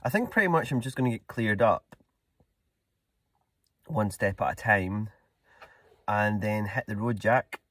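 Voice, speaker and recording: A young man with a Scottish accent talks in a chatty, easygoing way, rambling from one thought to the next. His voice sits a little low. It sounds like a casual vlog recorded outdoors on a camping trip by a loch. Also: expressive, a little slow, pauses often, fairly bright tone, dry recording. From Scotland. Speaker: vlogger.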